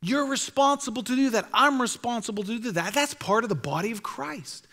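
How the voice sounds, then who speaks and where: A man's voice: very high voice, animated, fairly quick, bright, forceful tone. A male pastor preaching a sermon in a church, earnest and exhorting, repeating his key phrases. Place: church sanctuary. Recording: reverberant church hall.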